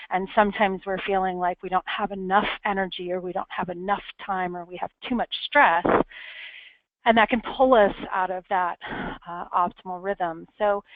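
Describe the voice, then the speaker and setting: A woman's voice: medium pitch, dry recording. Woman speaking over tinny webinar audio. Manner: earnest, candid, with restarts. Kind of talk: personal storytelling talk. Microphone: webinar call audio.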